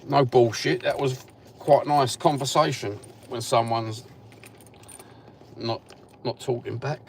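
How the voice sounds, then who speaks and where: A man's voice: mid-range voice, fairly even intonation, slow pace, gravelly, darkish tone. A middle-aged man with a Cockney East London accent, rambling bluntly and swearing while he chats and drives. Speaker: vlogger. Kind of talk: casual chat while driving. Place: inside a car. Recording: car noise behind the voice.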